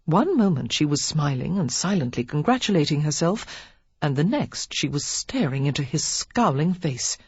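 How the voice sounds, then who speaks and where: A woman narrating an audiobook with a low, slightly husky voice and lively pitch. Her delivery is expressive and measured, captured dry and a little dull. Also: dry recording. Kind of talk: scripted narration.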